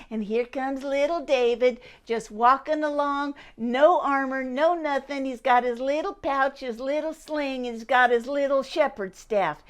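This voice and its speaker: An older woman, telling a Bible story for children in a homespun, animated way. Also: high voice. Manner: homespun, animated, acts out the characters.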